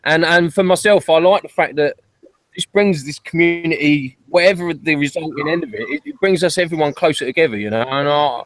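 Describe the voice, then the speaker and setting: A man's voice: fairly high pitch, fairly quick, fairly bright tone. A man hosting a casual group chat, talking in a reflective, rambling way with hesitant restarts. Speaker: channel host.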